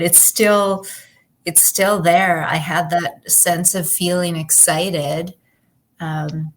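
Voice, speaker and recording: Woman guest, slow and halting, low voice, reflective. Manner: halting, searching for words. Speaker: guest co-host. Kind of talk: reflective personal chat.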